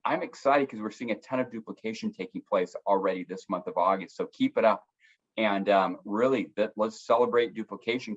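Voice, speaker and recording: A man, a company co-founder hosting a conference call, speaking with excited, promotional energy and halting fillers. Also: lowish voice. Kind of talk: conference call pep talk. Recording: muffled lo-fi call audio.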